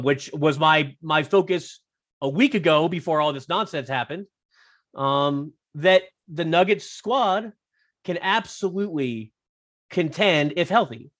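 A man talking as a guest on a sports podcast, wry and teasing, quick to joke. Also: a little high, a bit bright. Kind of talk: casual sports podcast chat.

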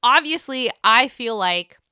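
A woman hosting a casual recap chat, talking in a chatty, profane and animated way. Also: fairly high pitch, a little slow, smooth, no room sound, studio quality. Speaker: podcast host recapping reality TV.

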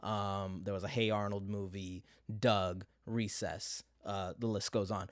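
A man's voice: fairly low pitch, level tone, a little slow, dry recording, studio quality. Young man reminiscing casually. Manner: conversational, many fillers and asides. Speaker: vlogger. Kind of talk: nostalgic casual monologue.

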